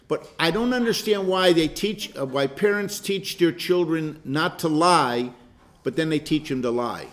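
A man, a pastor, leading a Bible study group, telling stories in a chatty, animated way with repeated words and laughs. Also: on the high side, unhurried. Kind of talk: casual group discussion and storytelling.

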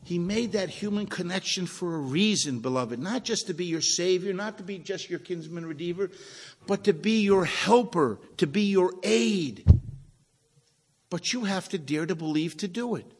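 A man's voice: high-pitched, moderate pace, in a large hall. A pastor preaching a sermon to his congregation in a conversational way, asking them questions as he goes. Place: church sanctuary, also streamed online.

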